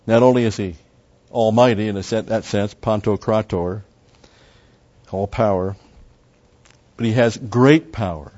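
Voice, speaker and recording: A man teaches through a Bible passage verse by verse, conversationally explaining each word and adding asides. His lowish voice is a little mellow, measured in pace with long pauses. The recording has a dull lo-fi sound.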